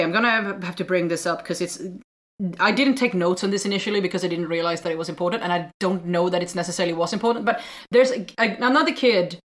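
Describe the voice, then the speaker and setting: Chatty woman recapping a film. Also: on the low side. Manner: animated recapping with frequent restarts and acted-out quotes. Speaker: podcast co-host. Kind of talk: casual film review chat.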